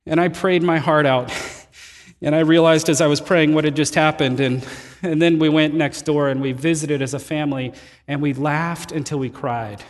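High-voiced pastor in an echoing hall. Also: male voice, moderate pace. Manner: conversational storytelling, animated and self-deprecating. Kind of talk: sermon.

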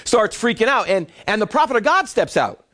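Animated preacher with a lively high voice. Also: male voice, brisk. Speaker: pastor. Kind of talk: sermon. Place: church before a congregation.

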